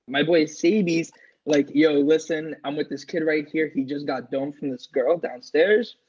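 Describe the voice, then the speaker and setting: A man's voice: a little high, a little mellow, slightly rough. A young man telling a crude party story on a podcast, acting out his friends' lines in a casual, profane way. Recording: slightly dull lo-fi sound.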